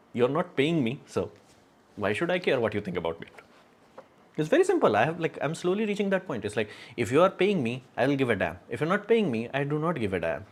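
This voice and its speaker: A man hosting a casual livestream, talking frankly and rambling, with many fillers and frequent laughs. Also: a little high. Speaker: livestream host.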